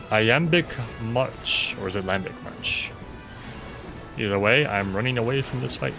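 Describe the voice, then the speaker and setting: Casual game streamer, male, gravelly and wry, faint music behind. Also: lowish voice, normal speed. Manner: wry, self-mocking asides muttered to himself. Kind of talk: casual gameplay commentary.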